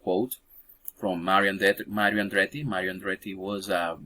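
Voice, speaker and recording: A man's voice: low-pitched, little pitch movement, fairly quick, bright, forceful tone, slight background noise. A man teaching an online English lesson. He repeats words often, with many fillers and restarts. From Venezuela. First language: Spanish.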